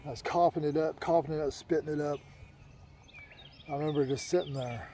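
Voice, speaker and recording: A man tells a personal story, his voice slightly raised in pitch yet dark and mellow in tone. He rambles, repeats himself and restarts sentences as he goes. Faint traffic and outdoor noise sit behind him. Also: fairly even intonation, fairly quick, low-quality recording. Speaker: author telling a childhood story.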